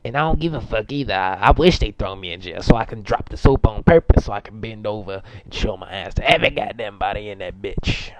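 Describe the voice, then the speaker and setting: A man's voice: on the low side, expressive, fairly quick, few pauses, slight background noise, lightly acted. A young man playing a crude, boastful, foul-mouthed character, rambling and stumbling through an improvised comedy monologue. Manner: rambling, profane and stumbling, with many fillers. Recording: muffled lo-fi amateur recording.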